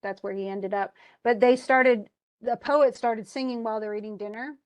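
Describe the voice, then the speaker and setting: A woman's voice: on the high side, fairly even intonation, moderate pace. A woman retelling a classical epic to a class in a casual, chatty lecture full of fillers and restarts. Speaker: teacher.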